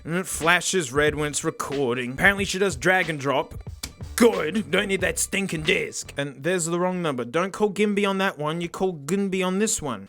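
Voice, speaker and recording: An excitable man with a raspy, hoarse voice reviews a gadget in mock-dramatic bursts. His voice sits high and swings wildly up and down, with faint music underneath. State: hoarse from yelling. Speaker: tech reviewer host. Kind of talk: casual gadget unboxing review.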